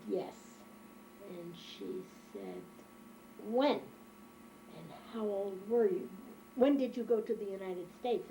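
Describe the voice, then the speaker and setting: An older woman with a dark, mellow voice tells her life story at an easy pace. She speaks reflectively, and a faint noise sits under the recording. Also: medium pitch, poor audio. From Germany. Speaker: interviewee. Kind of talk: oral history interview.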